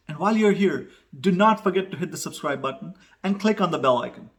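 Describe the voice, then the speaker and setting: A man's voice: high voice, expressive, fairly quick, few pauses. A man hosting a casual investing talk, chatty, with many fillers and "okay?" asides. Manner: loud upbeat opening jingle shout. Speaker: host.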